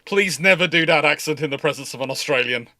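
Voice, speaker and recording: A man hosting a live history question-and-answer stream, wandering through anecdotes and voicing the people in them. His voice sits slightly high and sounds close and dry, picked up on a call microphone. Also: fast talker, bright, forceful tone, dry recording. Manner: rambling anecdotal storytelling, acts out quotes. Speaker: host.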